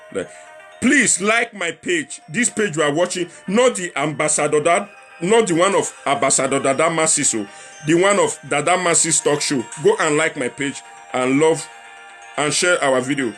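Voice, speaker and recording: A man's voice: on the high side, a bit bright. Young Nigerian man hosting a livestream. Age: young adult. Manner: chatty, repetitive, mixes Pidgin slang, appeals to viewers. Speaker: livestream talk show host. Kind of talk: casual livestream chat.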